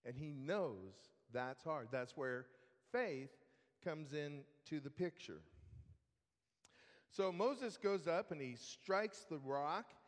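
A man teaching a Bible study lesson in a relaxed, conversational way, with fillers and restarts. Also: a little high, takes it slowly, long reverb tail.

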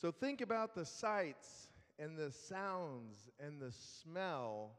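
A man preaches a sermon and tells the story in a relaxed, conversational way. He speaks slowly, and his voice sits a little high. A long reverb hangs after his words, as in a large hall.

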